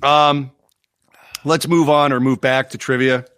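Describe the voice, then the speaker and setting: A man's voice: mid-range voice, fairly even intonation, measured pace, fairly bright tone, clear, resonant tone, no room sound. A middle-aged man co-hosting a podcast, swearing freely and telling stories in casual chat, recovering from arm surgery. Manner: profane, storytelling, mock voices. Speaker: podcast co-host.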